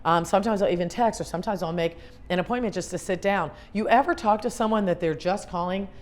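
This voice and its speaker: A middle-aged woman with a slightly low voice gives an earnest motivational talk to a crowd. She speaks as a grief specialist. She presses her points by asking the same question again and again. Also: fast. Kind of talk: motivational talk to a live audience.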